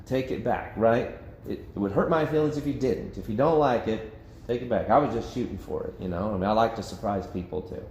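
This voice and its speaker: A man's voice: on the low side, a little fast, darkish tone. A man leading a church Bible study in a casual, conversational way, acting out quotes and laughing often. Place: church meeting room. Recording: echoey room with faint background noise.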